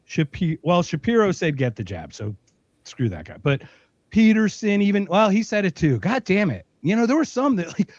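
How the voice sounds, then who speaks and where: A man's voice: on the high side, darkish tone, no echo. A man hosting a podcast in casual chat, joking and playful. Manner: joking, playful, fond of doing voices. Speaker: podcast host. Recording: dull, dry recording.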